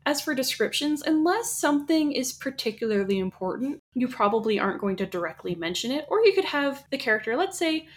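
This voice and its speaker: A woman's voice: high-pitched, big pitch swings, a little fast, few pauses. Chatty woman explaining writing craft. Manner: explanatory, chatty, with many restarts. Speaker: podcast co-host. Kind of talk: casual chat about writing.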